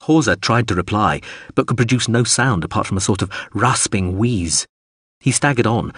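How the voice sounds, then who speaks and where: A man narrating an audiobook, reading an action scene in a steady, dramatic way on a close studio mic. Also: on the low side, breathy edge, dry recording.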